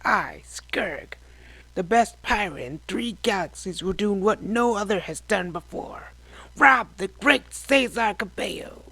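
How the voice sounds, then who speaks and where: A man's voice: high voice, expressive, a little slow, gravelly, pushed and bright, breathy edge, no room sound, voice pushed up, heavily acted. A man voicing a boastful, grandiose male insect-like alien pirate captain. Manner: grandiose, self-important.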